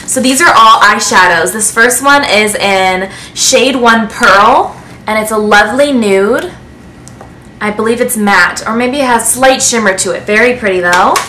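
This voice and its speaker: Bright-voiced, gushing woman. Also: fairly high pitch, a little slow, a little hiss or hum. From United States. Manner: gushing, excitable, breathless with delight. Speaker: beauty vlogger. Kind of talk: casual unboxing chat to camera. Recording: echoey room.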